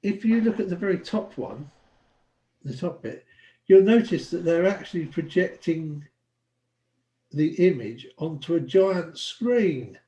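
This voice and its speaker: A man's voice: fairly high pitch, animated, unhurried, mellow. New man explaining in an echoey room. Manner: explanatory, stumbles over French terms. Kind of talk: casual group chat over a shared screen.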